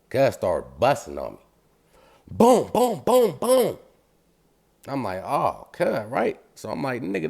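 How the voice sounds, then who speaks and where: Speaking in loose street slang, a man with a deep voice tells a story with lots of energy, acting out the sounds along the way. His low voice carries the whole tale.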